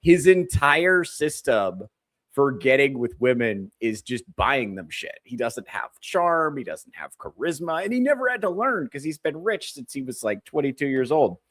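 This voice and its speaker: A man's voice: mid-range voice, sing-song, moderate pace, a bit bright, no room sound. A man hosting a comedy podcast, ranting with crude, sarcastic mockery. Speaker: podcast host. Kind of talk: comedic commentary rant.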